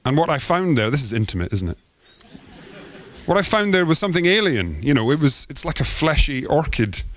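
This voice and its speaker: A man's voice: a little high, big pitch swings, a little fast, a bit bright. A man giving a theatrical, poetic performance talk as an artist on stage.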